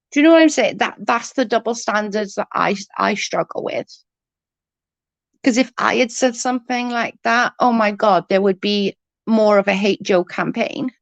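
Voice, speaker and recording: Hoarse, husky woman with a cold. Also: mid-range voice, no echo. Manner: blunt, swears freely, vents about double standards. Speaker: livestream host. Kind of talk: casual live chat reading comments.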